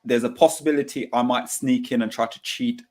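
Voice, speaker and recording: A man's voice: medium pitch, fairly even intonation, fairly quick, darkish tone. A man hosting a live football fan stream in a casual, effusive way, repeating his thanks and praise.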